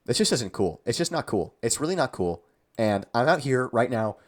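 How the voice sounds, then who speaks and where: A man's voice: mid-range voice, sing-song, normal speed. A young man delivering a mock-outraged comedic rant, exasperated and repeating himself for effect. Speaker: comedy video host.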